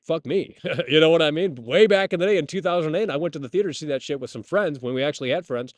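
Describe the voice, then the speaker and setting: A man's voice: fairly high pitch, fast, no room sound, clean studio sound. A man hosting a live stream, ranting bluntly and with lots of swearing. He often repeats words and restarts his sentences. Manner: blunt, profane, opinionated. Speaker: streamer host. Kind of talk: casual live-stream rant.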